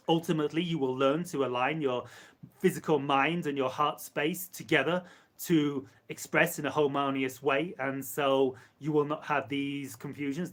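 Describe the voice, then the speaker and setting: A man with a slightly high voice channels an entity live. He speaks as "we" in slow, measured phrases and repeats words for emphasis. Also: a bit bright. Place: live stream.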